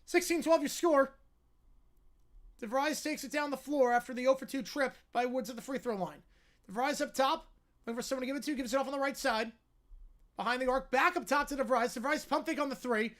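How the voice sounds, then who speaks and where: A livestream host who talks fast, calling a basketball game play by play while answering chat, and getting louder on big plays. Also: high voice. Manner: fast-talking.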